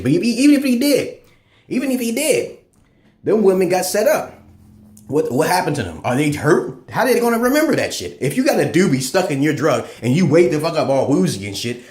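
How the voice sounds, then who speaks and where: A man delivering a profane, rambling monologue as a channel host, swinging between loud high bursts and low mutters. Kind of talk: ranting monologue. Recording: echoey room.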